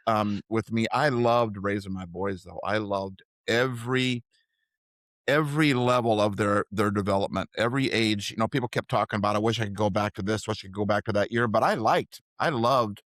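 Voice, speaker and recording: A man's voice: medium pitch, a bit bright, no echo, studio quality. An older man, a podcast co-host, reflecting earnestly on raising his sons in a casual chat.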